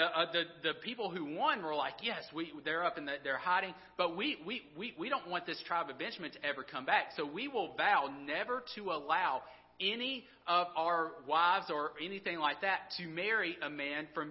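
A man with a high voice leads a casual Bible lesson, retelling an old story in plain everyday words. He stumbles often and repeats himself as he goes. The recording sounds dull and lo-fi. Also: moderate pace. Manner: stammering, repeats words, voices characters informally. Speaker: Bible teacher.

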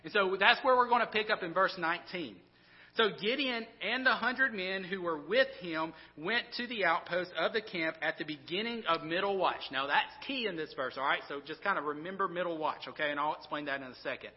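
A man in his thirties preaches in a casual, animated storytelling way, tripping over his words and restarting often. His voice sits fairly high. The sound is dull and rings with a long hall reverb, as in a church. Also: fairly quick. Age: 30s. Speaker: pastor. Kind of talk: sermon.

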